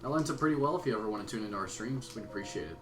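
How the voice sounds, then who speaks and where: A man's voice: fairly low pitch, expressive, rapid-fire, background noise. A young man co-hosting a game stream, laid-back and rambling, laughing easily as he chats. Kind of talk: casual chat during a game stream.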